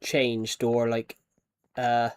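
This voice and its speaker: A young man with a British accent streams a game and chats casually, thanking viewers and donors, often trailing off and starting again. His mid-range voice is smooth and monotone, and he speaks very slowly.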